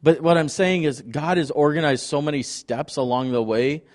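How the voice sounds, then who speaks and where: A middle-aged man speaking as a visiting ministry leader at a church, telling stories in an excited, rambling way. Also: on the high side, normal speed. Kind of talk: testimony talk to a congregation.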